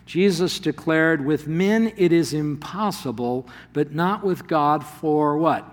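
A male pastor delivers a sermon with a slightly raised pitch, breaking into laughter as he acts out the story's voices. His words ring out through a large hall with a long reverb tail. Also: takes it slowly, few pauses. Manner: animated, laughs often, plays the voices in the story.

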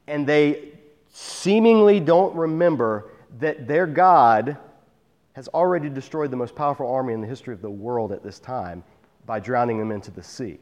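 Male preacher, mid pitch, casual verse-by-verse sermon with dry humor, long hall reverb. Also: a little mellow. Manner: conversational, wry asides. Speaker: pastor. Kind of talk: expository Bible teaching. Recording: long reverb of a large room.

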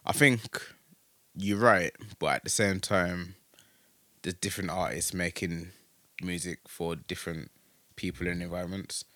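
A man's voice: low voice, steady tone, a little slow, pushed and bright, no room sound. A man co-hosting a podcast, joking in casual banter. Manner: joking, self-mocking banter. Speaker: podcast co-host. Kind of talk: casual chat.

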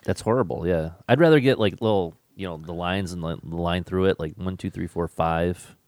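A man co-hosting a casual podcast chat, reacting with quick exclamations. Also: deep voice, darkish tone, dry recording, studio quality.

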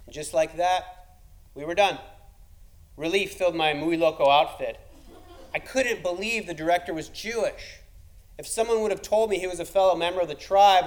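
A man's voice: a little high, low-quality recording. A man telling a comic personal story, wry and self-deprecating, building to punchlines.

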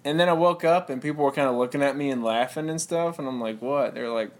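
A man's voice: mid-range voice, quick pace. A man co-hosting a podcast, telling a story in a casual, rambling way and laughing through it. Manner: laughs through his stories, relaxed and rambling. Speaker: podcast co-host.

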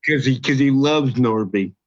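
A man in his sixties, a podcast guest, telling a story in a loose, profane, animated way and often repeating himself. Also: medium pitch, moderate pace. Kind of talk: casual storytelling. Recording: dull lo-fi podcast audio.

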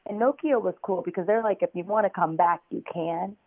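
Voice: medium pitch, fairly quick. An interview guest telling their story in casual, loose speech full of "like" and "you know". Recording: tinny phone-line audio.

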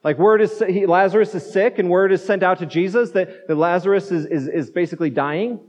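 A man's voice: high-pitched, fairly quick, darkish tone. A man pastor giving a conversational sermon, repeating words as he goes and acting out the quotes. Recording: dull muffled sound in a reverberant hall.

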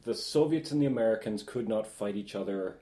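A man with a low, mellow voice leads the discussion, laying out ideas and defining terms like a relaxed lecturer. The room has a clear echo. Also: a little fast. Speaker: podcast co-host. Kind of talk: casual discussion. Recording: roomy echo.

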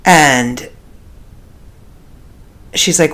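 A woman from Canada talks casually into her home studio mic, spinning a story for her podcast. Her voice sits fairly low but rises and falls with wide, expressive swings. She laughs often and slips into the voices of the people she describes. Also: unhurried. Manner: animated, laughs often, acts out quoted voices. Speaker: podcast host.

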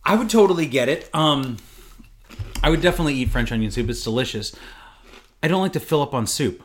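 A man co-hosting a podcast in relaxed casual chat, reading out questions and musing about food. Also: medium pitch, brisk, slight background noise. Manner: relaxed, chatty, reads listener questions. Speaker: podcast co-host.

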